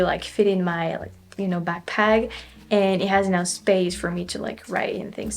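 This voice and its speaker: A young woman from France speaking English with a French accent, chatting casually to her viewers about her trip, with frequent laughs and lots of fillers and restarts. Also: mid-range voice. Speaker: travel vlogger. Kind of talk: casual chat to camera.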